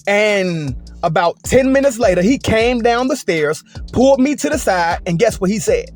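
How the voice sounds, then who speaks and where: A man's voice: sits high, big pitch swings, normal speed, soft background music. A man telling a work story and giving his opinion in a casual, emphatic, repetitive way. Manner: emphatic, repetitive, conversational with frequent "et cetera" and "okay?". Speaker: commentator.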